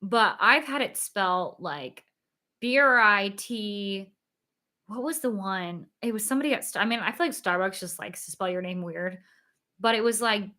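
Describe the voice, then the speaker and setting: A woman's voice: mid-range voice, lively intonation, normal speed, sharp tone. A young woman chatting casually on a livestream, reading viewer comments, giggling and filling with "like", a little tired. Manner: chatty, giggly, lots of fillers. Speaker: livestream host.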